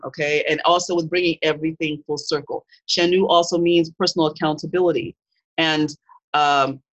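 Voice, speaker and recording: A Kemetic faith teacher giving a live-streamed talk, earnest and digressive, often pausing to search for words. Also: mid-range voice. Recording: dull lo-fi stream audio.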